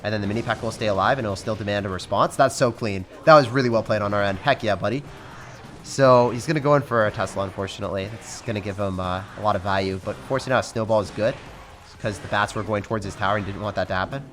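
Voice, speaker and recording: A young man giving fast, excitable live commentary over his own gameplay, calling out to viewers as guys. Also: fairly low pitch, slight background noise. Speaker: game commentator.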